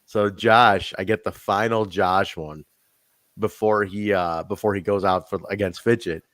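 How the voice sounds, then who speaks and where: A young man hosting a podcast, telling backstage stories in an animated, laughing, profanity-filled way. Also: on the low side, a little slow, no echo. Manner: animated, swearing, laughing storyteller. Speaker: podcast host. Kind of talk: casual chat.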